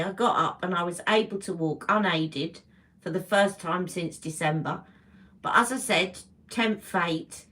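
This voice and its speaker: A woman hosting a casual beauty livestream, chatting warmly and greeting viewers by name as she talks. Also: fairly low pitch. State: emotional, close to tears.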